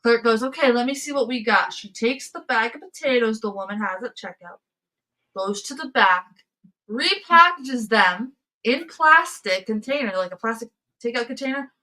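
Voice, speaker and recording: A woman's voice: fairly high pitch, animated, normal speed, sharp tone, poor audio. A woman hosting a casual livestream, telling rambling stories and laughing often. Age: adult, past high school. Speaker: livestream host. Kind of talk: casual chat with viewers.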